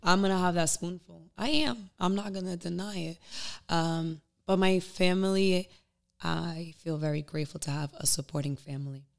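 Woman guest on a podcast, kinda low voice, chatty and candid, acts out what she was thinking. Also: moderate pace, vocal fry. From Dominican family. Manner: candid, emotional storytelling with acted-out inner quotes. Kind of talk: casual chat.

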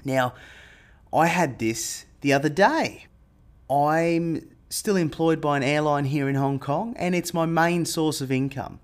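A man telling a personal story in a casual monologue, animated and getting louder when he re-enacts a tense moment. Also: on the high side, measured pace. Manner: animated retelling, rising loud when quoting panic. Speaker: airline pilot and marketer.

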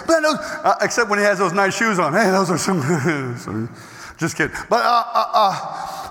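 High bright-voiced guy preaching a story sermon, goes loud then hushed, big echoey hall. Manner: animated, swings between loud outbursts and hushed tones.

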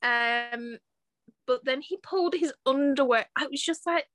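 A young woman co-hosting a podcast in casual chat, laughing often and filling pauses with ums. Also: high voice, fairly bright tone, no echo. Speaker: podcast co-host.

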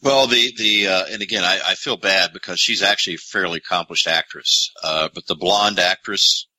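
On the same kind of casual movie podcast, this co-host thinks aloud, wandering and starting over. He speaks low at a moderate pace, his tone pushed and bright, and the recording is rough.

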